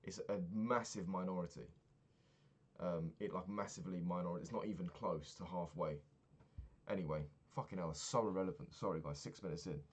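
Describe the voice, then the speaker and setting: A man's voice: low-pitched, fairly quick, slightly rough. A man in his twenties recapping a trip in a rambling, sweary, casual monologue, often laughing at his own stories. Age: 20s. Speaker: vlogger.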